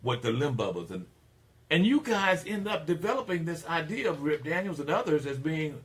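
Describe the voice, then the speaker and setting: A man's voice: huge pitch swings, a little fast, husky. An older man from Mississippi, hosting a talk radio show in an emphatic, preachy monologue. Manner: emphatic, preachy, swings between low asides and loud declarations.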